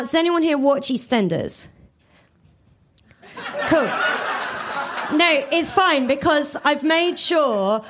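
A woman comedian reads her own comic fan fiction to a live audience, in an animated, giggly way. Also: on the high side.

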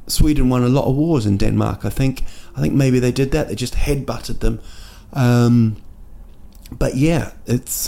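A gravelly, New man, a podcast host and comedian, delivers a casual comic monologue indoors at night in a city. His medium-pitched, mellow voice rambles jokily with many restarts and fillers.

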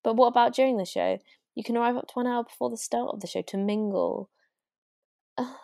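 A woman's voice: on the high side, fairly even intonation, moderate pace, gravelly, mellow, no echo, clean studio sound. A woman co-hosting a podcast, chatting casually and gushing enthusiastically about shows. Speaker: podcast co-host. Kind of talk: casual chat.

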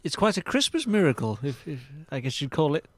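A man's voice: on the high side, sing-song, a little fast, no echo. A man co-hosting a podcast, stammering and flustered while improvising a comedy sketch. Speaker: podcast co-host.

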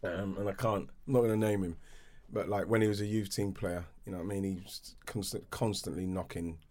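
A man co-hosting a casual podcast chat, animated and quick to laugh. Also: deep voice. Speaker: podcast co-host.

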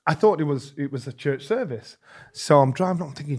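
A middle-aged man, a former boxer telling stories as a podcast guest, lively and swearing freely as he acts out what others said. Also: fairly high pitch, brisk. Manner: animated, acts out quoted speech, swears freely. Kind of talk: conversational storytelling.

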